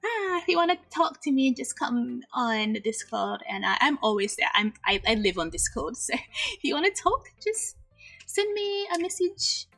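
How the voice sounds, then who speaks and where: A bubbly woman chatting casually on a game livestream, giggling often and slipping Japanese phrases into her talk. Her voice sits a little high and sounds very bright. Soft music plays faintly behind her. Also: very animated, normal speed, creaky. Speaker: VTuber streamer.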